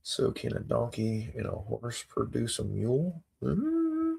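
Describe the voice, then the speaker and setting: A man with a very gravelly, husky voice chats casually on a livestream. He talks slowly, in a laid-back, wry way, and chuckles often. His voice sits a little low. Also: a little mellow. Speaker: livestream host reading chat. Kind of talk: casual chat.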